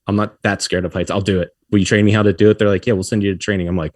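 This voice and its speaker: Recorded dry with studio quality, a middle-aged man appearing as a podcast guest talks very fast in a lowish voice. His casual storytelling is animated, full of acted-out quotes and frequent laughter.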